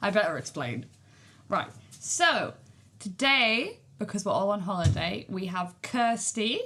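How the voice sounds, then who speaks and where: A woman's voice: medium pitch, sing-song, unhurried, bright, forceful tone. A woman hosting a parenting podcast, rambling and giggling through a story. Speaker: podcast host. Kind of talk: casual podcast chat.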